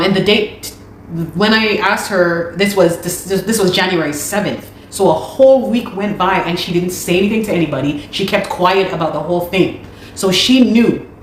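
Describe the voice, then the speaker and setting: A woman, a musician, speaking urgently and repetitively to her viewers, pleading for their help. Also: on the low side. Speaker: musician and video host. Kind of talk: personal appeal to viewers. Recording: echoey room with faint noise.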